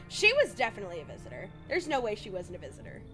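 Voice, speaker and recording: A woman giving gameplay commentary as a streamer, animated, swearing and thinking out loud. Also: mid-range voice. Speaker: gaming streamer.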